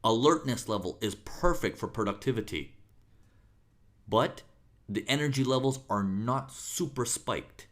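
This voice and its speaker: A man giving a motivational talk, energetic, with sudden jumps in volume and frequent "okay?" checks. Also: mid-range voice, a little slow. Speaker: motivational speaker.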